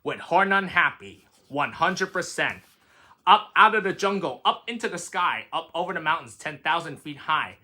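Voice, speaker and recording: A man's voice: fairly high pitch, animated, normal speed, sharp tone. A man reading a rhyming picture book aloud with a sing-song delivery. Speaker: reader.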